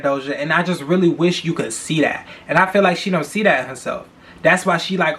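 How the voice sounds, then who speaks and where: A young man hosts a casual celebrity gossip podcast, talking quickly in a blunt, profane, animated way and repeating himself to drive points home. His voice is bright, forceful, and fairly high for a man.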